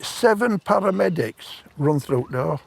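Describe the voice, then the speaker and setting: A man's voice: fairly high pitch, expressive, unhurried, vocal fry, breathy edge. A man, telling a long personal story in plain-spoken, rambling speech. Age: 70s. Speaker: stranger on a park bench. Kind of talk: casual storytelling. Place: park bench outdoors.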